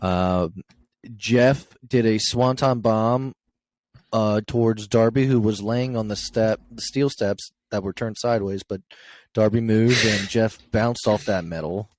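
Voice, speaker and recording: Young guy on a podcast, lowish voice, rambly chat with lots of ums, dry close mic. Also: a little slow, darkish tone, dry recording. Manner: rambling recap with many fillers and laughs. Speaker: podcast co-host recapping wrestling.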